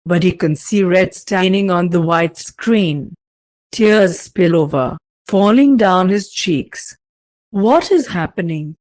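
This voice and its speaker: Slow, low-voiced woman narrator. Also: no room sound. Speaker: story narrator. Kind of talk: reading fan fiction aloud.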